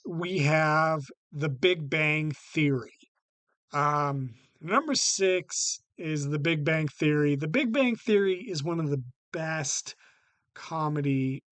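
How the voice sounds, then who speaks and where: A vlogger talks casually and off the cuff to the camera while ranking TV shows he loves, stumbling along with restarts and fillers and repeatedly saying "basically." His voice is a little high and smooth. The recording is dry.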